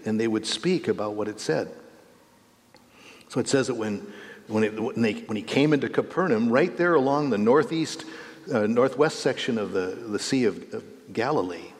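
A man teaching a Bible lesson as a sermon, emphatic, rising on key words and correcting himself as he goes. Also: fairly low pitch. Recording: echoey hall reverb.

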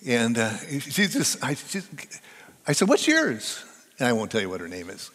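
Older male pastor, lively chatty sermon. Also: medium pitch, normal speed. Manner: conversational, chatty storytelling that draws the audience in. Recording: long reverb of a large hall.

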